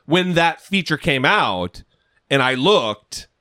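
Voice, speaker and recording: A man's voice: on the high side, takes it slowly, no room sound, studio quality. A man co-hosting a podcast in casual chat, swearing freely and joking about himself. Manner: profane, self-deprecating, animated. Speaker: podcast co-host.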